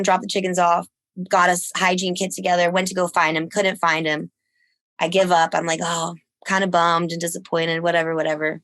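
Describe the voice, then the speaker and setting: Animated woman telling a story. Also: no room sound. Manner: animated, laughs often, acts out quotes in a higher voice. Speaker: guest, musician and volunteer. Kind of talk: casual storytelling.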